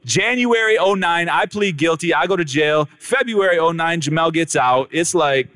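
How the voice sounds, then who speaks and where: A man's voice: fairly high pitch, moderate pace, a bit bright, dry recording. A man telling his personal testimony to an audience, acting out the dialogue with drama and talking straight to the crowd. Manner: dramatic storyteller who acts out the dialogue; speaks directly to the crowd. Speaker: speaker giving a personal testimony.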